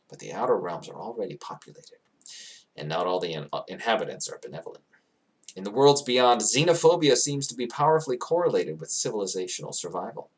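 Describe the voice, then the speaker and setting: Man, low voice, animated swoops in pitch, grandiose in-world storytelling, digressive. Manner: grandiose, digressive, swelling to emotional peaks. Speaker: in-character lore guide. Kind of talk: theatrical in-world narration.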